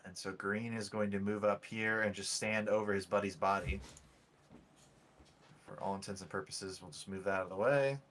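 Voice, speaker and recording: Game master, male, lowish voice, relaxed rule-explainer, chatty. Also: moderate pace. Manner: patiently explains rules, many fillers. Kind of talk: casual tabletop game narration.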